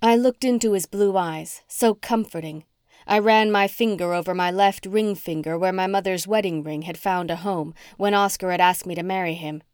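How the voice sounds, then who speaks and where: A woman reading a first-person novel aloud as an audiobook narrator, with expressive, dramatic storytelling. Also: medium pitch, moderate pace, smooth, no room sound, clean studio sound.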